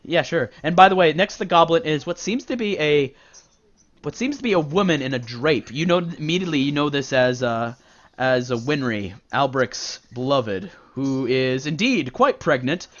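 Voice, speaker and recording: Rambling game master over lo-fi chat. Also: male voice, on the high side, lively intonation, moderate pace. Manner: rambling, filler-heavy, casual. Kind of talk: narrating a tabletop game. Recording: dull lo-fi voice chat.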